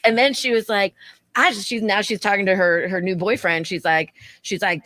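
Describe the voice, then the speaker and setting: A woman's voice: fairly quick, dry recording. A woman co-hosting a podcast, telling a bar story casually and acting out the people in it with big jumps in her voice. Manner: animated, acts out quoted people with big pitch jumps. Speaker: podcast co-host.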